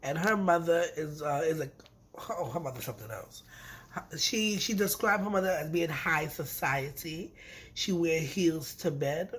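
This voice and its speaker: A woman talks through a reality TV episode in a loose, chatty recap. Her delivery is animated and emphatic, and she leans on repeated words to drive her points home. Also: low-pitched. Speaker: reality TV reviewer.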